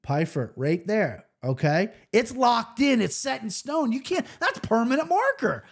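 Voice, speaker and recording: A man's voice: very high-pitched, big pitch swings, a little slow. A man hosting a podcast, talking fight picks in a loose, joking way and swearing casually. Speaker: podcast host.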